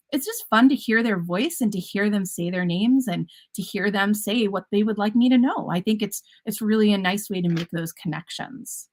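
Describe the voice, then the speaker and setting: A woman teacher giving an upbeat, chatty conference presentation about classroom practice, with playful puns. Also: medium pitch.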